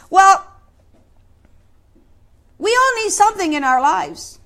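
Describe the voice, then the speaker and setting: A woman preaches a sermon in a high voice. She talks with fervor, repeats herself often and reads scripture aloud between her own remarks. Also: big pitch swings, slow, vocal fry, pauses often, fairly bright tone. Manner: impassioned preaching with repetitions and quoted scripture. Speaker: pastor.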